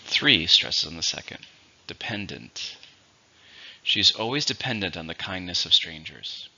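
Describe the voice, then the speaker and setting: With slow, patient, clear dictation, a very deep-voiced male English teacher spells out syllables and stress in a vocabulary lesson. Despite the low pitch, his tone is sharp, bright and expressive. The audio is dull and lo-fi.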